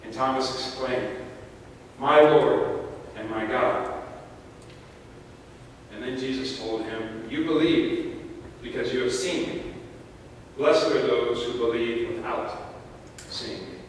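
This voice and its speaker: A man's voice: medium pitch, steady tone, unhurried, a little hiss or hum. A man preaching a sermon, reading scripture aloud with casual, joking asides, recorded from a distance in an echoey hall. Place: church sanctuary. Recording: echoey hall, picked up from far off.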